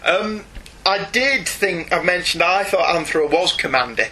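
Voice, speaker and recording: A man co-hosting a casual podcast, sarcastic and self-mocking, talking in an animated way. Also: high-pitched, a little slow, slight background noise, low-quality recording. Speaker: podcast co-host. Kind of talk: casual comic book podcast chat.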